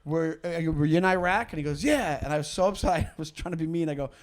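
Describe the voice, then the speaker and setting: A middle-aged male comedian telling stories in casual podcast banter, ranting loudly with swearing and laughter. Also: a little high, fast. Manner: loud, heated ranting with profanity and laughter. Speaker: guest comedian.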